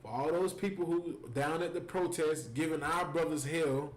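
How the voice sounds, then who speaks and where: A man hosting a stream, telling stories in a casual, animated and joking way. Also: a little high, normal speed. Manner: animated, joking, full of fillers. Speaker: host. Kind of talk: casual storytelling and preaching on a stream. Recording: echoey room with faint noise.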